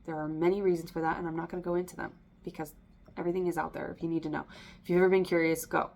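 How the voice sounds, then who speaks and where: A tarot reader with a fairly low, slightly mellow voice and vocal fry speaks in a level tone at a rapid-fire clip. Her casual reading wanders, full of ums and likes, as she interrupts herself and starts her ideas over.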